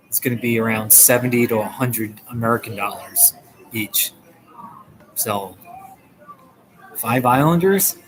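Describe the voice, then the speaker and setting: Streamer, male, New Jersey accent, chatty and joking, mid-pitched, faint coffee-shop ambience. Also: slight background noise, low-quality recording. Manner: chatty, joking, reads viewer comments. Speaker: live streamer. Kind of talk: casual live-stream chat.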